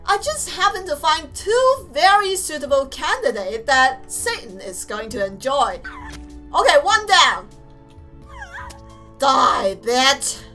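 A young woman giving let's play commentary, excitable and gleeful, shouting and playfully menacing. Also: sits high, takes it slowly, soft background music. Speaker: gaming streamer.

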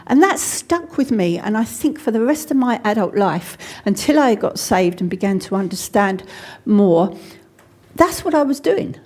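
A woman's voice: a little high, expressive, moderate pace, a little mellow. An English woman preaching a sermon in a church, talking conversationally with personal stories and frequent restarts. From England.

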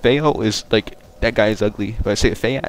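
Rambling low-voiced young man gaming. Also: normal speed. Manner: rambling, joking, profane, bursts of loud excitement. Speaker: gaming video creator. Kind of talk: casual gameplay commentary.

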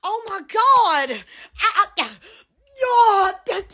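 A woman's voice: very high voice, expressive, very slow, pushed and bright. A woman, hosting a livestream on her phone in giddy chatter full of squeals and laughing exclamations. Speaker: livestream host.

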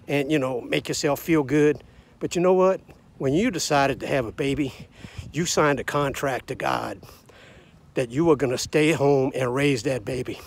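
A man in his sixties or seventies from the United States, delivering a blunt, combative, preachy rant straight to camera. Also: fairly high pitch. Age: 60s to 70s. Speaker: vlogger. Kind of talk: ranting monologue to camera.

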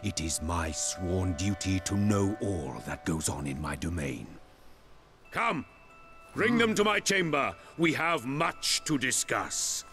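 An actor playing a stern, commanding male emperor in a game, speaking in formal, booming orders. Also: sing-song, takes it slowly, fairly bright tone, full character voice. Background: game music.

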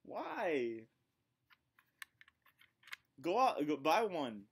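A man's voice: on the high side, sing-song, drawn-out words, slight background noise. A man heard through a computer mic on video chat, hosting a prank. He talks in a playful, mock-threatening way, jokey and teasing. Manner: playful, mock-menacing, joking.

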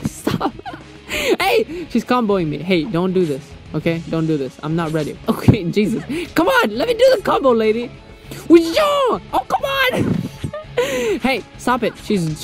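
A young man giving casual gameplay commentary, excitable, yelping, laughing often and swearing freely. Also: sits high. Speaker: gaming channel host.

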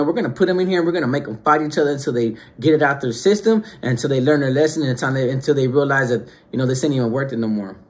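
Slangy man, higher voice. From Northern California. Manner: street slang, swinging between hushed asides and raised bursts. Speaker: storyteller recounting his youth. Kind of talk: casual storytelling to camera.

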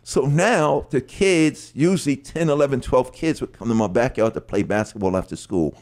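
A middle-aged man telling a story on a podcast, animated, acting out lyrics and voices as he goes. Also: medium pitch, moderate pace. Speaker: guest storyteller.

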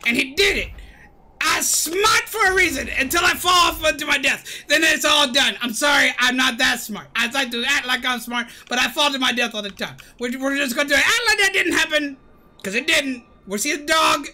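A woman voicing a grumpy middle-aged male cartoon mad scientist, shouting and ranting over gameplay. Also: high-pitched, normal speed. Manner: shouty, ranting, self-pitying. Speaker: gaming streamer. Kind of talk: gameplay commentary in character.

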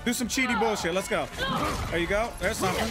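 A man giving live gameplay commentary, trash-talking a boss with lots of swearing and frequent frustrated shouting. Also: high-pitched, fast talker. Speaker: gamer playing a video game. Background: loud video game music.

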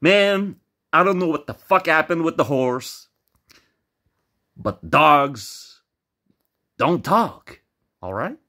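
A man voicing an angry, foul-mouthed male farmer who shouts in a high, strained voice. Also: lively intonation, fairly quick, few pauses. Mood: incredulous. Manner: shrill, shouting, swearing.

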